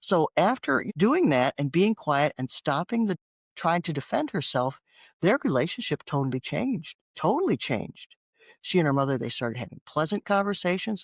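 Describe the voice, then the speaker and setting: Guesting in a conversational interview, a former teacher turned author relates anecdotes with animation, frequently voicing the people in them. She speaks at a moderate pace in a lowish voice. The sound is lo-fi, without echo.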